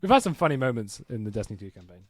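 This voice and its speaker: A man's voice: medium pitch, very animated, very fast, darkish tone, no room sound. A young man co-hosting a podcast in a casual chat, hesitant and hedging as he talks. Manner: hesitant, restarts and hedges. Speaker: podcast co-host.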